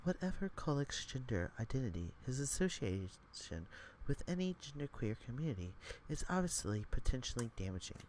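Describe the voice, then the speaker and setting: A man voicing a solemn male monk, speaking in a hushed, measured, lecturing way. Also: medium pitch, sing-song, slight background noise, natural voice, low-quality recording.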